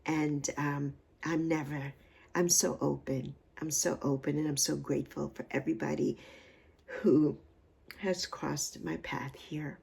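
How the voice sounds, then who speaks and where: A woman's voice: deep voice, steady tone, measured pace, creaky, a little mellow, slightly rough. A woman in her sixties hosting a livestream, talking in an effusive, heartfelt way and repeating phrases for emphasis while still emotional. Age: 60s. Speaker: livestream host. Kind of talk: heartfelt casual livestream chat.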